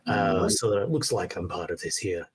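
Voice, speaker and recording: A man voicing a gruff male dwarf rebel in disguise, talking hesitantly with many fillers and calling others lad. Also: deep voice, normal speed, close to an everyday voice. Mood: sly.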